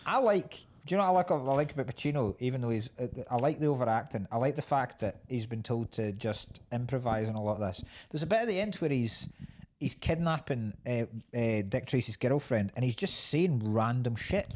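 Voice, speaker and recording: A man co-hosting a podcast, chatting about a film with an animated, joking manner. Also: medium pitch, brisk, a little hiss or hum. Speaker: podcast co-host. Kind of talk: casual film review chat.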